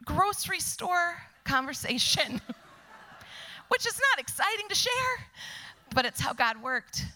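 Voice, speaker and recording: Bright-voiced woman giving church testimony. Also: high voice, slow. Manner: animated storyteller who drops to soft whispers for emphasis. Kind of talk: personal testimony in a church service. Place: church sanctuary before a congregation.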